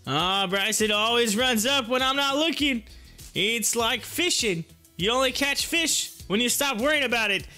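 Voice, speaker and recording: A man hosting a casual live stock-trading stream, excitable and laughing often. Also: very high voice, normal speed, faint music behind. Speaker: livestream host.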